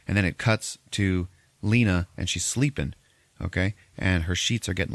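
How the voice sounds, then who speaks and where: A man with a very low voice retells a film plot in a casual, rambling podcast chat, swearing freely and laughing as he goes. The sound is close and dry, with little room around it. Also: normal speed, fairly bright tone, no echo. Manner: profane, laughing, rambling storyteller. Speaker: podcast host. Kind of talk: casual movie recap.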